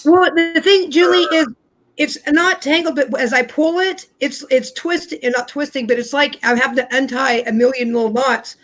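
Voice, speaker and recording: A woman chatting casually while she knits, her voice set a little high. She talks in long, run-on explanations. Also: normal speed, a bit bright. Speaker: co-host. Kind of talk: casual chat while knitting.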